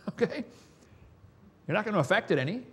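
A man's voice: high-pitched, sing-song, moderate pace, fairly bright tone, slightly rough. A man preaching a sermon, telling folksy stories with chuckles.

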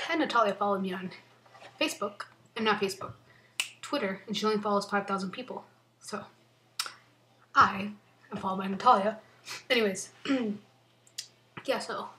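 Young woman hyped up, rambling and cursing, some hushed bits, mid pitch, faint hiss behind her. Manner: excited, rambling, swears a lot, drops to a whisper at times. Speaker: vlogger. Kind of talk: casual unboxing vlog. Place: her bedroom at home.

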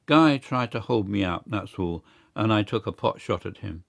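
A man voicing a cool, confident male secret service agent who talks briskly and matter-of-factly. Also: on the low side, lively intonation, vocal fry, no room sound, studio quality.

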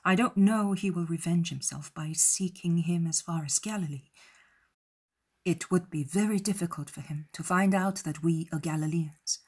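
A woman voicing Joseph, a protective, steady grown man, in a soft breathy voice. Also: on the low side.

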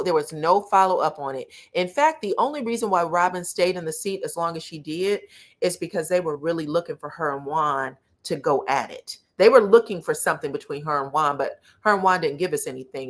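A woman chats through reality TV gossip and viewer comments. Her voice sits a little low. She talks casually, drawling with slang. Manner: sassy, uses slang like child and delulu.

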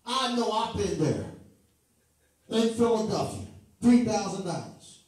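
Here the preacher's voice sits high, with a darkish tone, expressive delivery and a slightly slow pace. Fervently, he alternates between chanting in a sing-song way and joking with the congregation. It's recorded from far away in an echoey room, music in the background.

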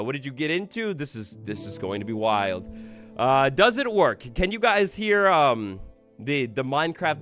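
A man's voice: mid-range voice, fairly bright tone. A young man live-streaming a game, chatting casually and rambling to his chat while he sets things up.

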